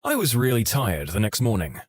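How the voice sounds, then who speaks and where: A man narrating online stories in a steady, scripted storytelling delivery. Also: medium pitch, a little fast, dry recording, studio quality.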